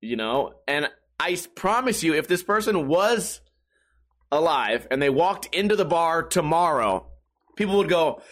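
A man talking on his own in a loose, rambling monologue, swearing often. He slips into mocking impressions of other people as he goes. His voice sits a little higher than most men's. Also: lively intonation, measured pace, a bit bright. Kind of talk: casual monologue.

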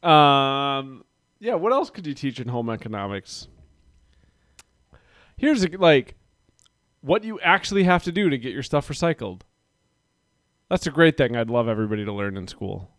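A man talks in a relaxed, rambling way on a podcast, poking fun at himself as he goes. His voice is smooth and clear, at an ordinary pitch. The sound is close and dry. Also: normal speed, pauses often, no room sound. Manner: rambling, self-deprecating, chatty. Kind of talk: casual chat.

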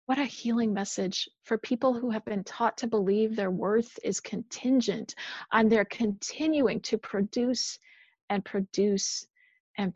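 A woman minister delivers a sermon in a measured, earnest way, her fairly high voice dropping softer on key phrases. The sound is dry and close with no room echo, though a little muffled.

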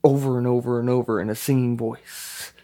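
A young man in casual podcast chat, rambling and swearing in quick bursts. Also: mid-range voice, level tone, mellow. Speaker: podcast co-host.

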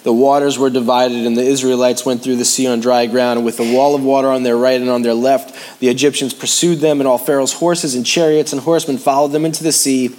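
A man's voice: mid-range voice, flat delivery, brisk, hardly any pauses. New man preaching a sermon. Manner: conversational preaching with sudden rises and hushed drops; repeats phrases for emphasis. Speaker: pastor.

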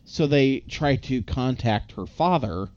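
A man's voice: mid-range voice, animated, takes it slowly, darkish tone. A man casually recapping a movie plot as a podcast co-host, rambling with lots of filler words. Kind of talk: casual chat. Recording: slightly dull lo-fi audio.

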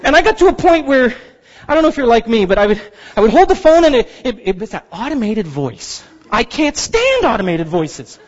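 A man in his thirties preaching a sermon as pastor, telling stories with animated, playful outbursts. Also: very high voice, fairly quick. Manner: animated storytelling, acts out frustration with loud outbursts. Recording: dull sound with long hall reverb.

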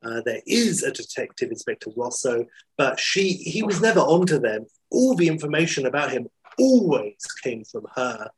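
A man with a husky, slightly breathy voice retells a story in a loose, animated ramble. He leans on fillers and restarts, and his pitch stays in a middle range. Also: moderate pace, poor audio.

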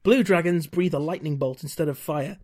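A man's voice: on the high side, normal speed, darkish tone, close to an everyday voice. A man reading aloud the lines of a cheerful young half-elf ranger from a gamebook, in a plain reading voice. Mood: earnest.

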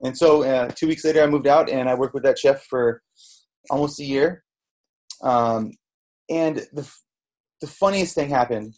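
A man's voice: mid-range voice, moderate pace, pauses often, darkish tone. Candid middle-aged man telling his story. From Southern California. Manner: candid, rambling, with many restarts and quoted dialogue. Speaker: podcast guest, chef. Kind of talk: candid storytelling in a casual interview. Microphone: podcast microphone.

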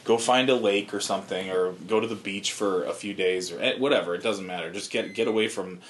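Male podcast co-host, thirties, low voice, loose profane banter. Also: fairly even intonation, fairly quick, slight background noise. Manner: loose, profane, laughs often. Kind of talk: casual chat.

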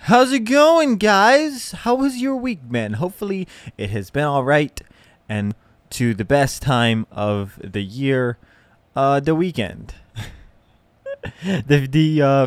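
A man's voice: medium pitch, expressive, measured pace, darkish tone, dry recording. A young man hosting a casual solo podcast, rambling and self-deprecating, with plenty of fillers and restarts. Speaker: podcast host.

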